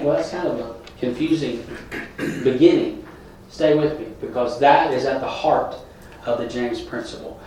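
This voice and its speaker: A man's voice: mid-range voice, darkish tone, slight background noise. Man preaching in a very echoey hall. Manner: plain conversational preaching, talking straight to the congregation. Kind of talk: sermon. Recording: very echoey room, from a distance.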